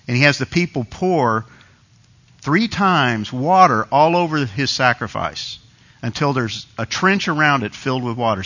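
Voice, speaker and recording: Guy preaching, chatty storytelling sermon, bright tone, kinda dull lo-fi sound. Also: mid-range voice. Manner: conversational storytelling with quoted asides.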